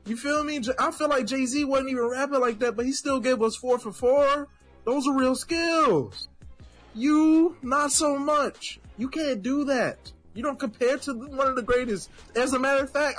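A man's voice: very high-pitched, moderate pace, fairly bright tone. A man co-hosting a podcast in casual chat, blunt and slangy, ranting about music. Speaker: podcast co-host.

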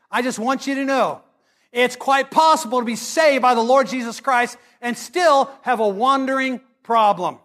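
High-voiced preacher man. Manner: animated, humorous, swings between loud and hushed. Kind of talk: storytelling sermon.

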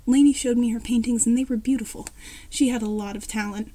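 A woman's voice: a little high, steady tone, fast talker, dark tone. A woman reading a fan story aloud as narrator, in plain narration with small self-corrections.

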